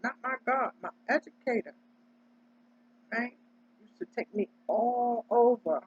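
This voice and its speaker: A husky woman from Delaware holds forth in a casual, preachy monologue, pressing each point and checking in with "right?" as she goes. Her voice sits in a middle range and comes through dull, lo-fi audio. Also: a little high, a little slow, dry recording. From Delaware, United States. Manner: emphatic, preachy, tags lines with "right?". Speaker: vlogger.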